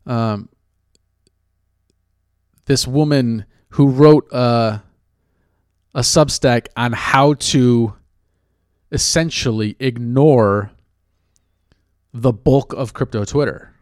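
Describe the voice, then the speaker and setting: A man hosting a podcast, talking through his thoughts in a reflective, measured way and often rephrasing himself. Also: mid-range voice, a little mellow, smooth, no room sound, clean studio sound. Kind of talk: casual spoken commentary.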